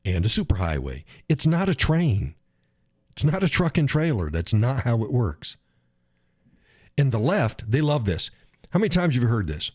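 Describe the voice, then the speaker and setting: On his own live stream, a man with a mid-range, slightly rough voice delivers a casual political rant at a moderate pace, swearing a lot as he animatedly acts out frustrated drivers. The recording is dry and studio quality.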